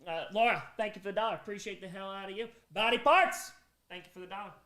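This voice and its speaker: A man who sits high in pitch talks fast with a sharp tone, echoing around the room. After streaming for an entire day he's drained, reading out charity donations one by one and bouncing between hype and tired mumbling.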